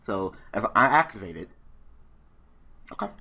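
A man's voice: on the low side, very animated, unhurried, sharp tone. A man giving casual commentary while playing an online card game, muttering his moves to himself and then laughing and ranting at an opponent who quit. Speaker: gaming channel host.

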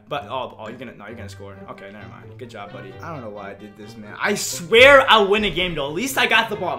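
A young man giving excitable live commentary on his own video game match, reacting loudly to each play. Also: fairly high pitch. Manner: excitable, reacts loudly to plays, frequent "yo" and "literally". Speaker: gaming YouTuber.

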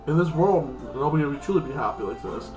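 A man's voice: medium pitch, animated, a little fast, darkish tone, echoey room, faint music behind, low-quality recording. A man hosting his own channel, recapping a TV episode in a casual, rambling way, full of fillers. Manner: rambling, heavy with fillers like "like" and "freaking". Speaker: channel host reviewing a TV episode.

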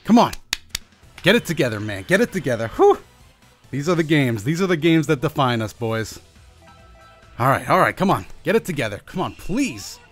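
A young man giving live commentary over his own fighting-game match, anxious and pleading with himself, his pitch jumping up and down. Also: sing-song, moderate pace, long pauses. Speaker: gaming channel host. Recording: faint music behind.

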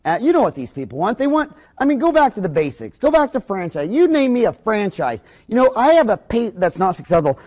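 A man's voice: high-pitched, very animated, a little fast, few pauses, darkish tone. A man, a dentist, giving a rambling, blunt and folksy business lecture full of anecdotes.

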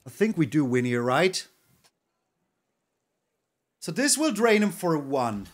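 A man giving excitable, animated live commentary over his own card game, now and then breaking into loud shouts. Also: a little high, takes it slowly. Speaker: gaming YouTuber.

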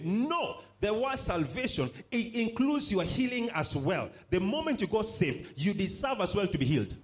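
A man's voice: sits high, sing-song, normal speed, hardly any pauses. A man preaching a sermon, stressing points by repeating phrases and calling on the congregation to respond.

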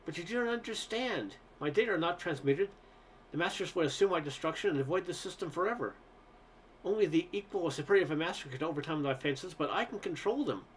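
A man's voice: on the high side, expressive, fast, slight background noise, lightly acted. A man voicing an anguished male alien who speaks in stiff, formal sentences, pleading to be destroyed. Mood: desperate pleading. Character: anguished towering alien with terrible eyes, male.

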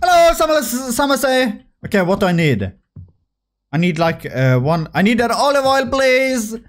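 A young man giving casual, jokey commentary while playing a horror game, excitable and swearing freely. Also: sits high, normal speed. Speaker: gaming video creator. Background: faint game music.

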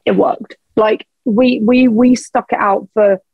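A woman's voice: a little high, fairly even intonation, slow, breathy edge, dry recording, phone-quality sound. A young woman, a band's vocalist, chatting frankly as a podcast guest, laughing often and swearing casually. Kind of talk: casual chat.

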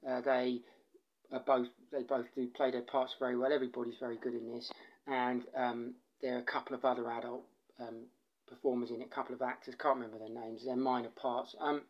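A man's voice: mid-range voice, flat delivery, brisk, lo-fi sound. An Englishman with an English accent giving a casual spoken film review, rambling and digressive, with many fillers and restarts. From England.

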